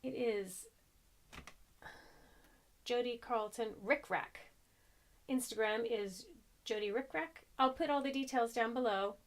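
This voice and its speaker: A woman's voice: on the high side, slow pace, long pauses. An American woman, a young adult, chatting casually and rambling a bit as a crochet podcaster, cheerfully self-deprecating. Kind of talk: casual chat.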